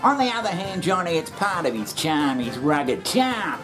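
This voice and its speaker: A woman's voice: fairly low pitch, sing-song, moderate pace, over music. A woman hosting a satirical comedy show, sarcastic and full of swearing, often laughing.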